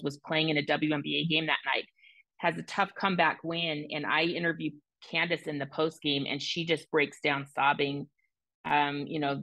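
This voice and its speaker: A woman sports reporter with a low voice talks eagerly in a panel discussion. The sound is dry and close. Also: no echo, low-quality recording. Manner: enthusiastic, self-described softie. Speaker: sideline reporter.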